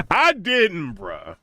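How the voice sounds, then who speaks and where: Laid-back man rambling with lively pitch. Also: very slow, no room sound. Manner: laid-back, rambling, drawls "man" and "bro", laughs between points. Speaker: channel host reviewing a rap battle. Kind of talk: casual commentary to viewers.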